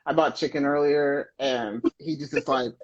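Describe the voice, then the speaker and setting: A woman hosting a casual podcast chat, telling stories with lots of laughter. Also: deep voice. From United States. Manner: animated storyteller, laughs often. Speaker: podcast host. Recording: dull lo-fi audio.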